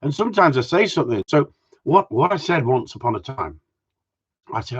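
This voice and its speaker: Husky man rambling on a live stream. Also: mid-range voice, sing-song, fairly quick. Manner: cheeky, sweary, jumps between topics. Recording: dull lo-fi stream audio.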